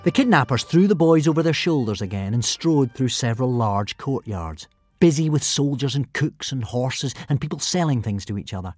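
A man narrating a children's adventure audiobook in an expressive, animated reading. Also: mid-range voice, moderate pace, husky, soft background music. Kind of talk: storybook narration.

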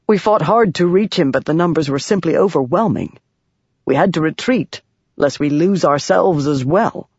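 A narrator voicing a proud, scheming male high prince in an audiobook, speaking smoothly and formally with false sorrow. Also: normal speed, a little mellow, no room sound. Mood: grave. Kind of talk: audiobook character voice. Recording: dry, dull lo-fi sound.

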